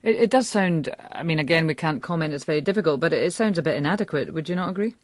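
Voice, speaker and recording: A woman's voice: deep voice, expressive, no room sound. Chatty woman radio host. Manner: chatty, quick to joke and laugh. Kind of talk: live radio phone-in chat. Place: radio studio. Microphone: studio microphone.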